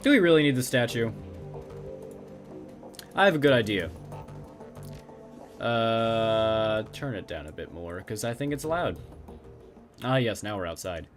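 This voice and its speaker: Male gaming host, offhand wisecracking commentary, lively voice. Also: lowish voice, measured pace, pauses often, soft background music. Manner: joking, offhand, cursing. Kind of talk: casual gameplay commentary.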